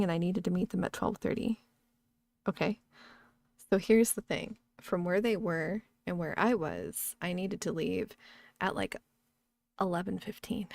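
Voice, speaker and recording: A woman's voice: mid-range voice, vocal fry, no room sound. A woman streamer chatting casually while gaming, rambling, laughing often and swearing freely.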